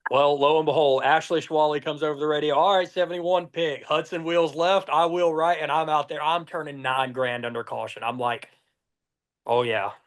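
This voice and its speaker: A young man from Georgia, telling profane, lively race stories as a podcast guest. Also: fairly high pitch, a little fast, hardly any pauses. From Georgia, USA. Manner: profane, lively anecdotes with acted-out dialogue. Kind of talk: casual storytelling.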